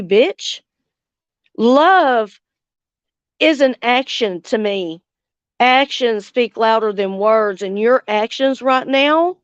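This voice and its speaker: A woman's voice: a little high, clean tone, no room sound, lo-fi sound. A woman, hosting a casual livestream chat, angry and blunt, swearing heavily and answering viewers' comments. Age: 40s. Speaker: livestream host.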